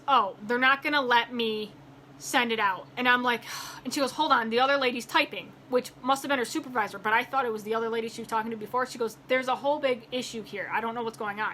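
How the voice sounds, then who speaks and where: A woman vlogger rants casually through a story, acting out both sides of a phone call and growing exasperated when things heat up. Her fairly high, bright voice has a forceful tone, with a slight hiss or hum on the audio.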